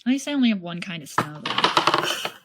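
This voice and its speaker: A woman's voice: on the low side, expressive, normal speed, very noisy. A woman playing as a guest in a casual board game, giving short, dry reactions and brief answers. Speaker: guest player.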